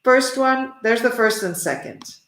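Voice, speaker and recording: A woman's voice: a little high, lively intonation, a little slow, fairly bright tone, slight background noise. A woman with an American accent teaching an online English lesson, playful and full of praise for her students. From United States. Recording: roomy echo.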